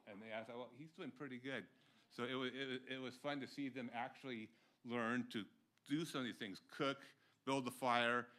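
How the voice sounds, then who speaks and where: A man, a scout leader, recalling memories at a church ceremony, halting with many fillers. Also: medium pitch, bright, forceful tone. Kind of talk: informal speech at a ceremony.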